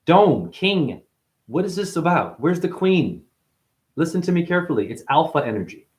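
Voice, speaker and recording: Very animated and moderately paced, a man in chronic pain gives a spiritual monologue that rambles from one association to the next. He swears often, swinging from loud outbursts down to low mutters.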